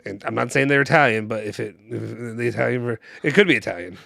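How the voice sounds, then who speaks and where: A man's voice: mid-range voice, fast talker, creaky, pushed and bright, no room sound, studio quality. A young man co-hosting a fan live stream, joking and teasing with a laugh in casual chat. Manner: playful, laughs often, teasing.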